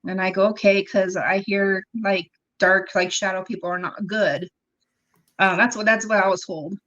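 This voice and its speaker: A young woman chatting as a guest on a podcast, telling her own story with plenty of ums and quick laughs. She acts out the lines of the people in it as she goes. Her voice sits at an ordinary middle pitch, and the sound is a little dull and lo-fi. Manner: animated, acts out quoted dialogue, frequent ums and laughs. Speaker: interview guest. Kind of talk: casual storytelling conversation.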